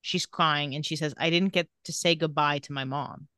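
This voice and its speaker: Here a podcast co-host with a low-sitting voice talks through a TV episode at normal speed, quoting characters' lines as she animatedly retells the scenes. It's casual chat, recorded in the studio with no room sound.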